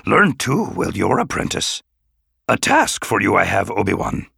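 A man voicing an ancient, small alien sage who is stern yet dryly gentle, speaking in inverted word order with thoughtful hums. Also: fairly low pitch, wildly swooping pitch, measured pace, creaky, slightly rough, no room sound, studio quality, heavily acted. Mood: gently reproving.

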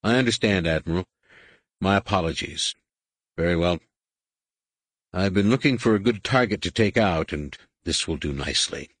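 A man's voice: low voice, normal speed, pauses often, fairly bright tone, no echo. A man reading the part of a proud, prickly young warrior who speaks curtly and formally.

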